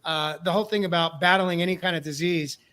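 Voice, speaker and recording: A man's voice: high-pitched, quick pace, bright, forceful tone, clear, resonant tone. A male host talking earnestly in a casual discussion, often repeating words as he starts a thought. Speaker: podcast host. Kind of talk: casual talk show discussion.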